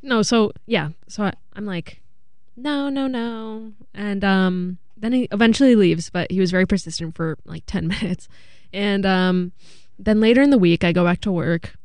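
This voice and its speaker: A young woman co-hosting a podcast, telling a story in a lively way and acting out the voices of the people in it. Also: medium pitch, normal speed, hardly any pauses, no echo. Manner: animated storytelling, acting out quotes. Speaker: podcast co-host. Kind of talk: casual chat.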